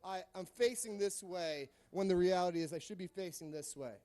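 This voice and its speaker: A man with a notably high voice addresses a board from the podium. He is emphatic and confrontational, rallying his colleagues. The sound is close and dry. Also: normal speed, dark tone, no room sound. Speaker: teacher speaking at public comment. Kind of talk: public comment speech. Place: public board meeting room.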